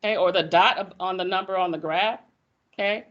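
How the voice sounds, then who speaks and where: A woman teaching math in a classroom, lively and folksy, teasing her students as she explains. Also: lowish voice, brisk, highs cut off. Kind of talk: classroom lecture.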